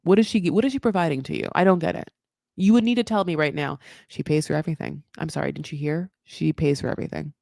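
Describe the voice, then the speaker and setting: A woman's voice: sits low, fairly even intonation, quick pace, gravelly, a little mellow, no echo, clean studio sound. A woman voicing a lazy, laid-back young husband rattling off casual excuses. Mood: defensive.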